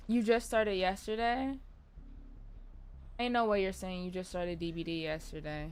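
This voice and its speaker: A young woman streaming a game, chatting casually and excitably with her chat and swearing freely. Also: on the low side, moderate pace, long pauses, clean tone. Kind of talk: casual live-stream chat while gaming.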